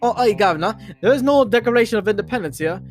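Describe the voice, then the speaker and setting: A blustery, pompous British guard, high-pitched and hammy, with a put-on British accent, as a man does the voice for a podcast story. He gloats in a raised, theatrical tone. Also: animated, quick pace, faint music behind. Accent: attempted British.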